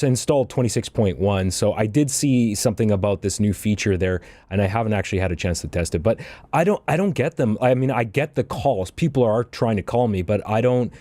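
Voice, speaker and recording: Casting: co-host with a low, mellow voice, stumbles and restarts, dry mic. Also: male voice, no echo. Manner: stammering restarts while explaining. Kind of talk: casual podcast chat.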